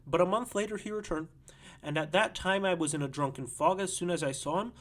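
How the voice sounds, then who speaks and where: A rambling, boisterous drunken woman spills out her messy tale, read by a man in an audiobook. The voice sits fairly high for a man and tumbles on without pause. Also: close to an everyday voice. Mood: brash. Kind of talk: audiobook reading.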